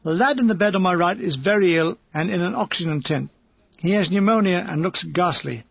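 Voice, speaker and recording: Husky high-voiced male memoir narrator. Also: brisk, no echo, lo-fi sound. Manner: wry, dryly comic delivery. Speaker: audiobook narrator. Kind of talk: scripted narration of a comic war memoir.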